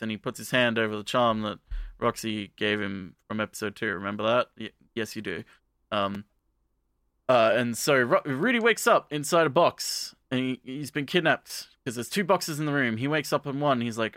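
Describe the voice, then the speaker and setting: A man co-hosting a podcast, casually recapping with rambling, profane asides and quick acted-out lines. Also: mid-range voice, expressive, fairly bright tone, dry recording, clean studio sound. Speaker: podcast co-host.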